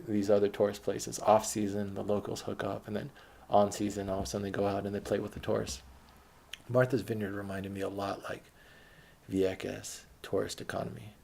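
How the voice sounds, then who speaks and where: Young guy rambling thru a story from his life, lotta cursing, lowish gravelly voice. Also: dark tone. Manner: rambling, swears freely. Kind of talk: casual autobiographical storytelling.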